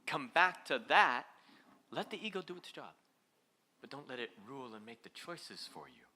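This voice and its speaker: A man giving a live inspirational talk, playful and animated, with big jumps in pitch and loudness, who asks the audience questions directly. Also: moderate pace. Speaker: motivational speaker.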